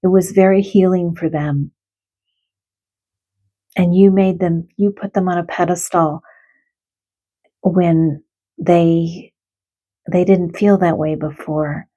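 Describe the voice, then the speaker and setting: A woman who is an animal communicator and card reader, giving a spiritual card reading to viewers in a gentle, heartfelt and reassuring way. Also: fairly low pitch, steady tone, slow, long pauses, dull audio.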